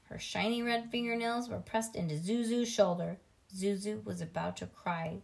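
A woman's voice: mid-range voice, steady tone, moderate pace, vocal fry, a little hiss or hum. A woman reading a children's book aloud to a child at home, with casual asides to the child.

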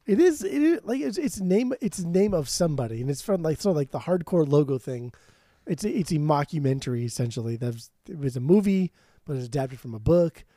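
A man's voice: a little high, big pitch swings, fast, dark tone, no room sound, clean studio sound. A man co-hosting a music podcast in casual chat, enthusiastic and argumentative, swearing often. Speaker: podcast co-host.

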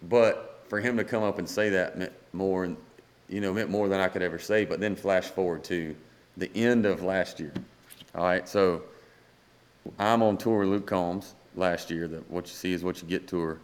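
A man's voice: low voice, fairly even intonation, moderate pace. A man, a guest singer-songwriter, telling a rambling story in a casual podcast chat and acting out the dialogue.

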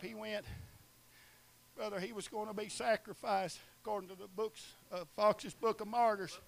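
A preacher from Eastern Oklahoma who swings between shouted, chanting preaching and quieter asides with short laughs. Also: male voice, high voice, gravelly. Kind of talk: sermon.

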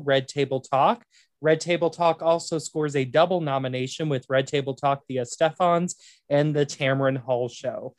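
A man's voice: a little high, no room sound. A man hosting a podcast in casual chat, upbeat and easygoing, often laughing. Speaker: podcast host.

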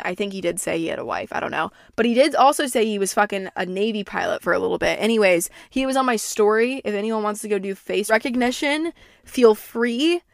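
A woman's voice: medium pitch, dry recording, clean studio sound. A young woman in her twenties, a podcast host, telling a story in a brash, profane, gossipy way and acting out what people said. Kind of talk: casual storytelling monologue.

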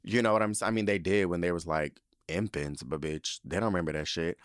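A young man hosting a podcast in casual chat, sassy and animated, swearing often and getting choked up. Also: deep voice, fairly quick, clear, resonant tone, no echo, clean studio sound. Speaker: podcast host.

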